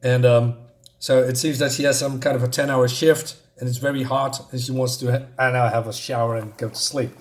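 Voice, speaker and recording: A man's voice: mid-range voice, level tone, fairly quick. A man casually walking through a comic book in a review, hesitant with many fillers, and openly enthusiastic about the art and the pacing.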